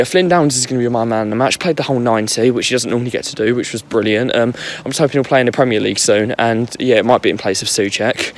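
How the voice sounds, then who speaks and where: Young male football vlogger, hoarse, quick and rambling, phone mic on a night street. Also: medium pitch, a little hiss or hum. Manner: rambling, filler-heavy fan chat. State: losing his voice. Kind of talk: casual match recap. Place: walking on a street at night outdoors.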